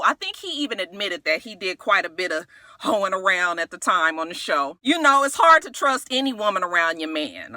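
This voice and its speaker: A woman giving a casual, profane recap of a reality TV episode, animated and quick, acting out the cast's lines with big jumps in pitch. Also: dry recording, studio quality.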